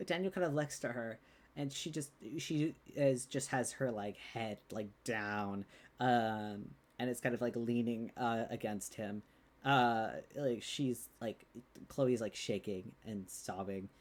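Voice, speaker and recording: Guy running a tabletop game, middle pitch, lots of um and like, kinda rambly describing the scene. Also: slow. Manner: rambling narration full of "um" and "like". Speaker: game master.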